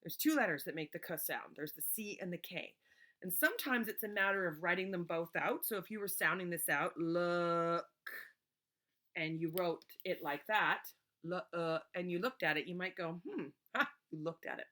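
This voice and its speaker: A woman teacher giving a remote reading lesson to young children, patiently sounding words out slowly letter by letter. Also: on the low side, pushed and bright.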